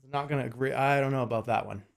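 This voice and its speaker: A man's voice: mid-range voice, fairly even intonation, racing, vocal fry. A man streaming casually, joking and swearing freely, arguing with his chat and muttering while he works on a jigsaw puzzle.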